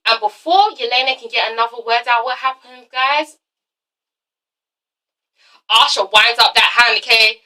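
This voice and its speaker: A woman recapping a TV episode in a casual vlog, excitable and profane, acting out the characters in quick asides. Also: on the high side, poor audio. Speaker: TV episode reviewer.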